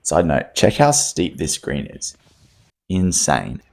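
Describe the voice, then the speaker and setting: A man's voice: rumbling low, wildly swooping pitch, slow, vocal fry, music in the background. An Australian man narrating his own vlog in a scripted voice-over, wry and self-deprecating. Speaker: vlogger narrating.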